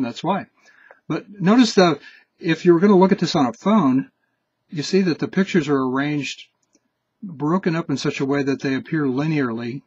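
A man's voice: fairly high pitch, darkish tone, breathy edge, no echo, muffled recording. A man hosting a screen-recorded app tutorial, explaining in a casual, chatty way with some restarts. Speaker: tutorial host.

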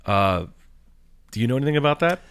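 A man's voice: medium pitch, lively intonation, quick pace, a bit bright, smooth, no room sound. A man hosting an interview, asking questions in a chatty way, with hesitations. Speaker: podcast host. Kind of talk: casual interview chat.

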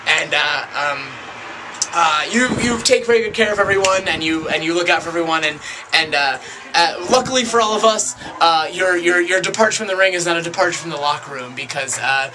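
A man in his late twenties, a wrestler, giving a halting tribute full of fillers and restarts. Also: a little high, background noise. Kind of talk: recorded tribute message.

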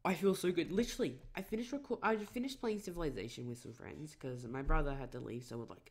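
A man's voice: a little high, quick pace, breathy edge. A man rambling through let's play commentary at his computer, full of self-corrections and fillers. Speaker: gamer.

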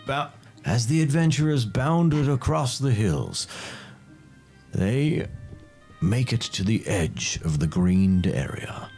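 An Australian man running a tabletop game as game master, relaxed and chatty, slowing down for dramatic narration. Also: medium pitch, soft background music.

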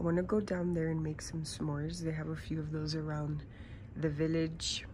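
A woman's voice: sits low, level tone, normal speed. Young woman, casual vlog talk, chatty, lots of fillers, handheld camera, faint background noise. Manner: chatty, bubbly, full of "like" and "um". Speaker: travel vlogger.

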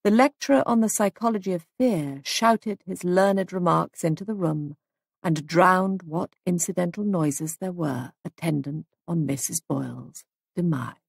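A woman narrating an audiobook mystery in a measured, even storytelling voice, close to the mic. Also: fairly low pitch, gravelly, breathy edge, no room sound. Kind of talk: scripted narration.

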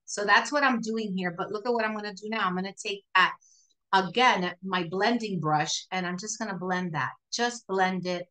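A woman's voice: medium pitch, normal speed, pushed and bright, rough recording. A woman hosting a live makeup tutorial, chatty and encouraging, talking viewers through each step as she works. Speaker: makeup demonstrator.

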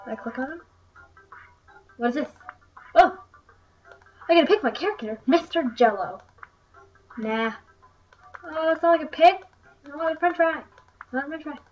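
Young female gaming host, high and chatty, distant muffled mic, faint game music underneath. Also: animated, moderate pace, long pauses. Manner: chatty, wandering, many ums. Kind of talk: casual gameplay commentary.

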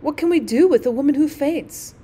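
A woman's voice: sits high, fairly quick, dark tone, voice pushed up, close to an everyday voice. A woman voicing a proper lady of the house in a storybook reading, exclaiming in a fussy, indignant way. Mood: exasperated.

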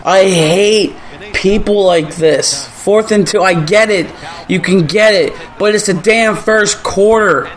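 A man doing live commentary over his own football video game match, excitable, swearing and groaning at the plays. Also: sits high, slow. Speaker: gaming YouTuber.

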